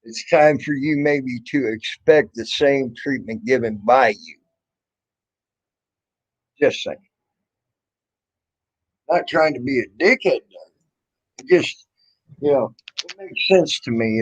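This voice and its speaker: A man's voice: medium pitch, slow, pauses often. A man hosting a casual livestream chat, blunt and profane, rambling with lots of fillers. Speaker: livestream host. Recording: dull lo-fi stream audio.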